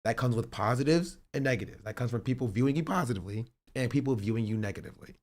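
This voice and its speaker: A man's voice: mid-range voice, animated, rapid-fire, a little mellow. Blunt, profane streamer man. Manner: blunt and profane, fired up when mocking. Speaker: streamer reacting to clips. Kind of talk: livestream reaction commentary.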